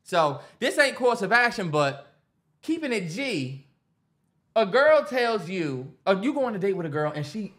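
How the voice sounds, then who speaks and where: A man's voice: high voice, big pitch swings, moderate pace, a bit bright. A man co-hosting a podcast, talking in a casual, profane, joking way. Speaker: podcast co-host.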